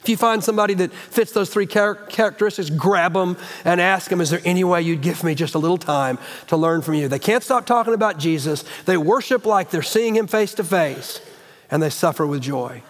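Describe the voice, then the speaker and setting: A middle-aged man delivers a folksy, animated sermon in a church sanctuary, stumbling and restarting as he builds energy. His voice sits high for a man. The sound carries a long reverb from the hall. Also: brisk. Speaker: guest preacher.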